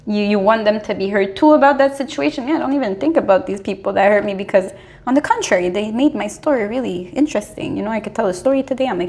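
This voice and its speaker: A young adult woman talking casually as a tarot reader, animated and full of "like"s, often breaking into laughter. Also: mid-range voice, quick pace. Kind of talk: casual spiritual advice monologue.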